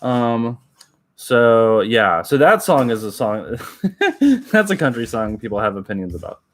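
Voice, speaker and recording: A man's voice: lowish voice, big pitch swings, unhurried. A man from Oklahoma chatting casually with live viewers on his stream, rambling, giggling often and leaning on filler words. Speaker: livestreamer.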